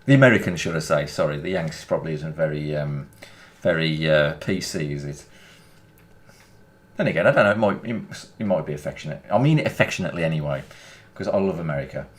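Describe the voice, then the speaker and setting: A man's voice: extremely low pitch, lively intonation, fairly quick. A man with a Birmingham accent chatting casually while playing a video game, rambling and chuckling often. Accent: Birmingham English. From England. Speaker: gaming YouTuber. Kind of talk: casual chat over gameplay.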